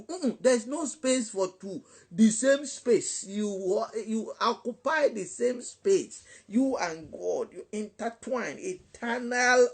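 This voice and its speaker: A man's voice: sits high, expressive, slow pace. A man with a Nigerian English accent, a gospel DJ talking on a live online chat in an emphatic preaching style, repeating words and slipping into Pidgin.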